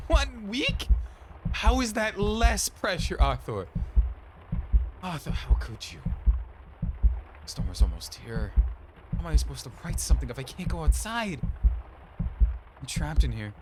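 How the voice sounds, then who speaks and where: A frantic, overwhelmed young woman composer, as a man puts her on for a game playthrough. Her voice leaps high and rings loud and lively over a steady hiss of background noise. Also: a little slow, long pauses. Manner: frantic, high-pitched outbursts.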